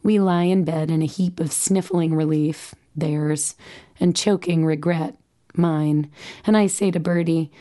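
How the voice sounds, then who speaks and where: A woman's voice: deep voice, steady tone, unhurried, dark tone. A woman in her forties reading her own memoir with a wry, self-deprecating manner. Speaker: memoir narrator, mother. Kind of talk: audiobook memoir narration.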